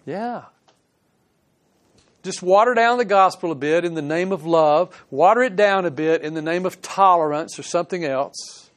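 A man delivers a sermon in a somewhat high voice, earnest and plain-spoken. He reads scripture aloud and comments on it, pushing up for emphasis and then dropping into soft conversational asides. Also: normal speed. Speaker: pastor.

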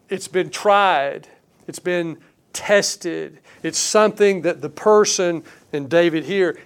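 A male pastor delivers a sermon with earnest, emphatic conviction. His voice is smooth and resonant and sits a little high for a man. He drops to a slower pace to lean on the key words. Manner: earnest, emphatic preaching with slow stressed phrases.

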